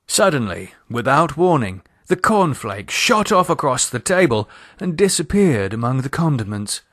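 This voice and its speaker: Expressive male storyteller, dry close voice. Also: medium pitch, normal speed, no echo. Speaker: narrator. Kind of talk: audio horror story narration.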